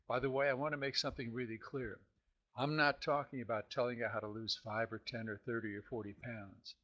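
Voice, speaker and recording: A man hosting his own self-help podcast, talking casually to listeners, often clearing his throat and asking rhetorical questions. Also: mid-range voice, steady tone, normal speed, bright, forceful tone, lo-fi sound.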